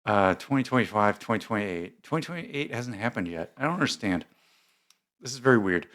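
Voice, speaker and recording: A man's voice: fairly low pitch, lively intonation, brisk, fairly bright tone. A man hosting casual commentary, reading posts aloud with bemused, rambling asides and many fillers. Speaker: commentary host.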